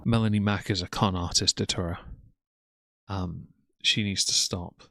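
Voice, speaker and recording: A man's voice: low-pitched, fairly even intonation, moderate pace, gravelly, fairly bright tone. A man giving scornful, mocking commentary while reacting to another person's livestream and greeting his own chat. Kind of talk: live stream commentary.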